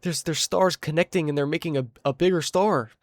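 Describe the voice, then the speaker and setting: A man's voice: fairly high pitch, fairly quick, dry recording, studio quality, pitched above the performer's own voice, close to an everyday voice. A man voicing his paranoid young friend, fretting and repeating himself in a panic. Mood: panicked.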